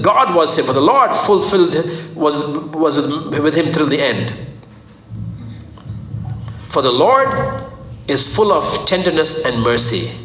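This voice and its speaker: A man preaching a sermon, playful and animated, acting out little voices. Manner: animated, playful, acts out voices with sudden high and low swings. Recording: echoey hall.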